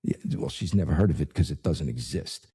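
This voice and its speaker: A man's voice: animated, brisk, warm tone. A man in his fifties, a former law enforcement officer, telling a story in a wry, anecdotal way. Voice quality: gravelly low voice. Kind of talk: storytelling interview.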